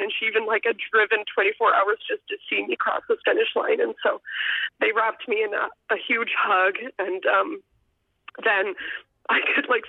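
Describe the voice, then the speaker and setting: Woman with a gravelly voice on a phone line. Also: medium pitch, no echo. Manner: hesitant, many ums, laughs softly. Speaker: guest. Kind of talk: phone interview storytelling.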